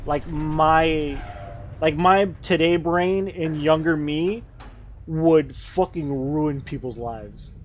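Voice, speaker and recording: Speaking slowly in a higher-pitched voice, with slight background noise, this man livestreams a game. He chats to his viewers in a loose, profane, rambling way while playing.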